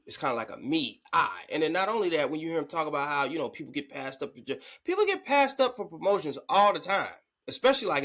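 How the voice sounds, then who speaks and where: A sports podcast host talks in a casual, slangy, animated way. His voice is fairly high for a man and bright and forceful. He often drifts into acting out how the players react. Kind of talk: casual commentary.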